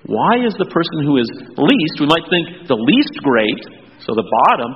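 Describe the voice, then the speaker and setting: A male pastor with a lively, up-and-down voice, pitched a bit high for a man. He reads scripture with slow deliberate weight and then chats easily with kids. The recording is dull, with a long church reverb behind him. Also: a little hiss or hum. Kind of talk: scripture reading and children's sermon. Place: church sanctuary.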